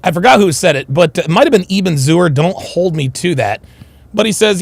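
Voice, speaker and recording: A man's voice: sits high, animated, brisk, vocal fry, no echo. A man hosting a casual livestream, reacting with mockery to a video and reading viewer comments aloud. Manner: mocking, reads chat comments aloud. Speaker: livestream host.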